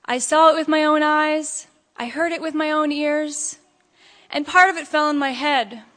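A woman's voice: high-pitched, steady tone, moderate pace, a bit bright, pitched above the performer's own voice. A woman voicing a panicky little hen who shrieks in frantic alarm, heard with long hall reverb. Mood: insistent.

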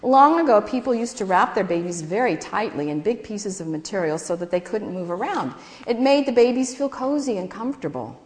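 Woman voicing a patient mother figure, explaining to kids, lively pitch, echoey hall read. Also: fairly quick, hardly any pauses, lightly acted. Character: patient woman reading scripture to unruly kids. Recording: echoey hall with long reverb.

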